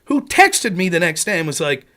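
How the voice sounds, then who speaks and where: A man's voice: sits high, huge pitch swings, normal speed, sharp tone. A man hosting a livestream, ranting in a sarcastic, profane way. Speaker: streamer host.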